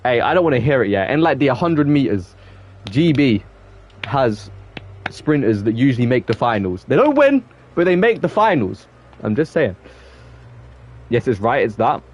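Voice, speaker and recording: A man's voice: mid-range voice, big pitch swings, moderate pace, long pauses, darkish tone. Rambling young Englishman chatting with viewers. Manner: rambling, self-admitted waffling with many restarts. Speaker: streamer. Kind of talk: casual gaming stream chat.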